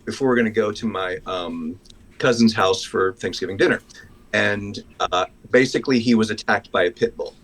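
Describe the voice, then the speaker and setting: A man opening up to a community group, frank and self-deprecating. He talks in a halting, searching way, starting over as he finds his words. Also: fairly low pitch, fairly bright tone, rough recording. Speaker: congregation member sharing a story. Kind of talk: personal sharing in a group.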